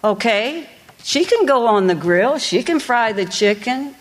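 A woman's voice: fairly high pitch, lively intonation, unhurried. A middle-aged woman shares a personal testimony with a congregation. She talks in an earnest, folksy way, and her preaching is full of quoted asides. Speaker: church speaker.

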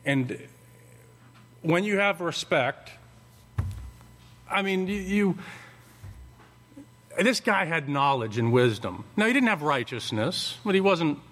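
Man, slightly high voice, rambling storyteller with lots of fillers; long hall echo. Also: lively intonation, takes it slowly, long pauses, fairly bright tone. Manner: rambling, many fillers and restarts. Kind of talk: casual spoken anecdote.

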